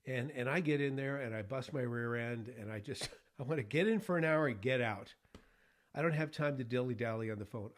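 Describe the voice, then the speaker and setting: A middle-aged man hosting a devotional podcast, speaking earnestly and with deep feeling, at times choking up with emotion. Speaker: podcast host.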